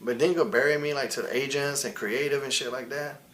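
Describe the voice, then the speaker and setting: A wrestler in his forties, interviewed as a guest, tells candid stories in a blunt, heated, profane way, swearing often and quoting others in put-on voices. His mid-range voice is fairly quick and fairly bright, with fairly even intonation. There is slight background noise.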